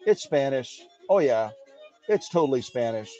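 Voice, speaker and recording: A man from Wisconsin hosting a casual live stream from his home workshop, chatting to his viewers in an animated way. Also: medium pitch, moderate pace, dull audio, faint music behind. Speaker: live-stream host of a sewing machine restoration channel.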